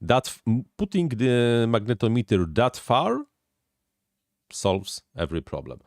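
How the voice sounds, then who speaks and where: A man who is not a native English speaker, hosting a casual live stream and answering viewer questions with halting technical explanations. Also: mid-range voice, sing-song, no echo, clean studio sound.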